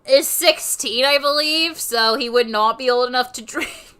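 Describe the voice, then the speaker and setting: Bright, loud woman streamer joking. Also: a little high, moderate pace, smooth. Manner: loud, joking asides, swearing. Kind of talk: let's-play commentary.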